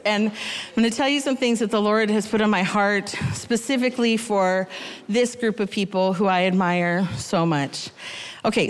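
Woman in her thirties, a warm-hearted storyteller preaching casually, joking at her own expense, then reading scripture slowly. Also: medium pitch, big-room sound. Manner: self-deprecating, chatty, reads scripture slowly. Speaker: guest speaker. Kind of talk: storytelling sermon.

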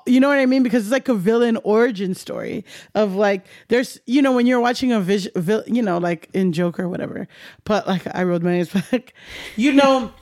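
Young woman comic, candid and animated, acts out her own stories; dry booth sound. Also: medium pitch, a little fast, no echo. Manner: animated, laughing, swearing, acts out dialogue. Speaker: comedian guest. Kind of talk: candid storytelling interview.

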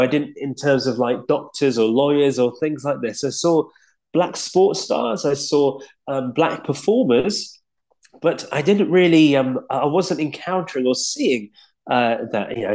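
A clergyman from Leeds with a Yorkshire accent, telling stories from his own life in a relaxed, reflective way with frequent pauses. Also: a little high. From Leeds, England. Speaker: guest, clergyman. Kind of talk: conversational storytelling.

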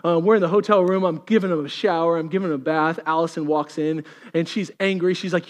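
A man, preaching a sermon, swinging from lively storytelling to quiet intensity. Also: fairly high pitch, quick pace, few pauses, in a large hall. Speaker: pastor.

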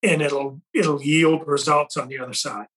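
A man's voice: on the high side, fairly even intonation, normal speed, fairly bright tone, rough recording. A man hosting a podcast, talking earnestly and reflectively in a casual conversation, often restarting his sentences. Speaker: podcast host and company leader.

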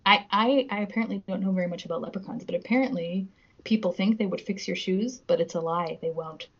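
A woman's voice: medium pitch, fast, breathy edge, highs cut off. A woman guest in a casual podcast chat, giggly and self-deprecating as she reads out facts. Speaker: guest, musician.

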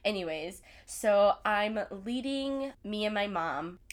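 A woman's voice: medium pitch, animated, takes it slowly. A woman in her twenties telling stories to her viewers, chatty and profane, with "like" in nearly every sentence. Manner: chatty, swears a lot, filler "like" everywhere. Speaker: vlogger. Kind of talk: casual storytelling.

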